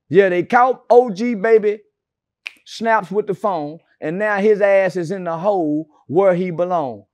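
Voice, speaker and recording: A high-pitched, slightly mellow man is interviewed, telling stories casually in a brash, profane, mocking way full of sarcastic asides. The studio recording is clean, with no room sound.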